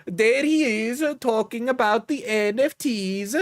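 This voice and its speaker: A man's voice: very high voice, measured pace, slight background noise, pitched above the performer's own voice. A man voicing a gossiping medieval villager with a mock Swedish accent, pointing and mocking.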